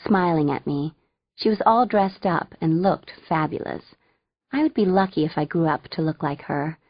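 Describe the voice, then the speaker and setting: A woman's voice: fairly low pitch, no echo, highs cut off. Wry woman audiobook narrator. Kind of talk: first-person audiobook narration.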